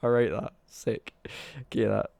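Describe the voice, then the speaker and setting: A man's voice: fairly low pitch, fairly even intonation, measured pace, creaky, a little mellow, dry recording. A young British man ranting on a casual live stream, sweary and worked up.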